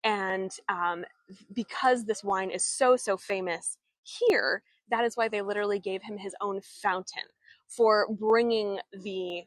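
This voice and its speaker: A young woman guiding a live walking tour outdoors, talking into a handheld phone, chatty and halting, with many fillers and restarts. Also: medium pitch, steady tone, dry recording. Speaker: travel vlogger and tour guide. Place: outdoors in an old town street.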